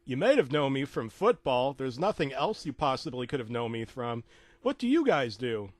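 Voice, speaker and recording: A man's voice: medium pitch, very animated, normal speed, no echo, close to an everyday voice. A man voicing an eager, polite male orange juice carton who talks in a chipper, raised voice.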